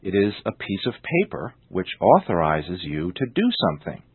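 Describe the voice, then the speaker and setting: A man teaching English in a scripted lesson, speaking slowly and deliberately and exaggerating the stress on example words. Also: low-pitched, huge pitch swings, husky, dry recording. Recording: tinny narrow-band radio sound.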